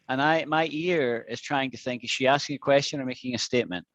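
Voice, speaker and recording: A man's voice: medium pitch, a little fast, fairly bright tone, poor audio. A man teaching an online English lesson, patiently explaining with repeated examples.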